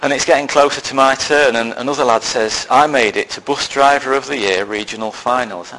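A man's voice: medium pitch, a little fast, sharp tone, slight background noise, rough recording. Man telling a humorous sermon story. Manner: self-deprecating storytelling with dry humour. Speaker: lay preacher.

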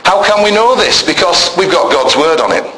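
A man's voice: high voice, expressive, normal speed, pushed and bright, slight background noise. Emphatic male preacher in an echoey church. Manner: emphatic, conversational, asks the congregation questions. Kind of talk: sermon. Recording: echoey church room with faint ambience.

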